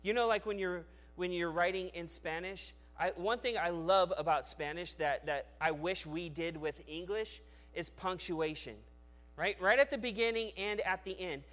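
At an ordinary speaking rate, the pastor swings between emphatic loud passages and soft, low-voiced asides in his sermon. He frequently starts over and doubles up on words.

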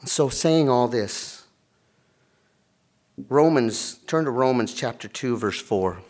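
Delivering a sermon at a slow pace, this middle-aged pastor speaks in a mid-range voice. His storytelling is lively, and he performs the voices of each character he describes.

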